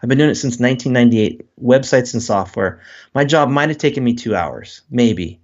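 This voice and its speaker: A man's voice: medium pitch, a little fast, muffled recording. A man, a guest author, speaking in a casual interview and acting out quoted voices as he talks. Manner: animated, acts out quoted voices.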